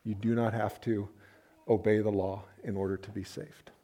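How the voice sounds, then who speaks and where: A man's voice: fairly low pitch, flat delivery, normal speed, warm tone. A man, a pastor, preaching a sermon in a conversational way with playful asides. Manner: conversational, uses playful asides and acted-out quotes.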